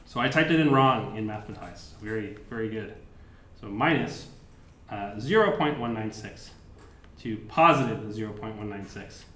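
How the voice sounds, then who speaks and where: A man's voice: on the low side, animated, normal speed, a bit bright. A man who is a professor gives a university lecture in a casual, chatty way, with lots of fillers and restarts. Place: lecture hall. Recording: echoey lecture room.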